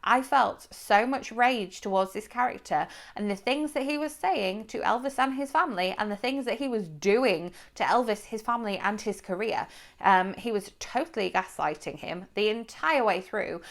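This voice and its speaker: A woman talks through a film review to camera in a loose, chatty way. Her voice sits at an ordinary middle pitch, and she often stops on fillers and restarts her sentences as she goes. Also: normal speed. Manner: chatty, rambling with fillers and self-corrections. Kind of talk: casual spoken movie review.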